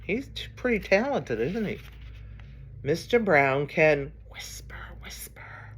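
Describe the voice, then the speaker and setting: A woman's voice: low-pitched, sing-song, slow pace, husky. A woman reading a picture book aloud for story time, playfully acting out the noises and coaxing children to join in. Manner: playful, acts out animal and sound noises, coaxes listeners to join in.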